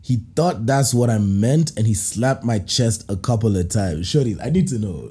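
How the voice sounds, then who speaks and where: Lively, husky-voiced man riffing loudly. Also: mid-range voice. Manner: animated, quick to laugh, riffs in playful voices. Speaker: podcast host. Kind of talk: reading and reacting to listener stories.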